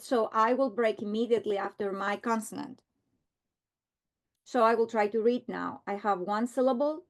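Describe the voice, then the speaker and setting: A woman teaching a reading lesson, modeling words slowly and deliberately. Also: medium pitch. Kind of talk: instructional lesson.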